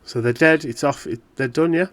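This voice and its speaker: A man's voice: a little high, brisk, natural voice. A brusque general hurries a briefing along with curt questions, as a man voices him. His speech is clipped and to the point.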